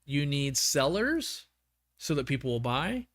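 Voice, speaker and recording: A man's voice: medium pitch, big pitch swings, unhurried, fairly bright tone, dry recording. A man hosting a casual livestream chat, rambling and often restarting his sentences, saying he is losing his voice. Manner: rambling, self-correcting, with many restarts. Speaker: livestream host.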